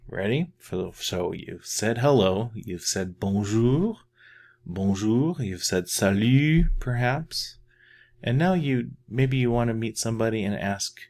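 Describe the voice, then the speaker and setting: A man teaching a beginner French lesson in a casual, patient way, often repeating words slowly to model how they sound. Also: lowish voice, darkish tone. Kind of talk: casual video language lesson.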